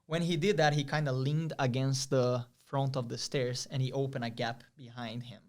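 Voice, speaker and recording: A young man from Brazil, telling a story as an interview guest in a lively, vivid way with many fillers. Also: medium pitch, normal speed. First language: Portuguese. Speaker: guest, pro soccer player.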